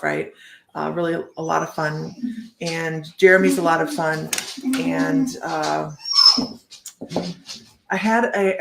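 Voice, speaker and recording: A woman's voice: low voice, creaky, noisy background. A woman hosting live psychic card readings. She chats in a rambling way and often restarts her sentences. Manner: chatty, rambling, with many restarts. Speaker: psychic reader and show host. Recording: roomy echo.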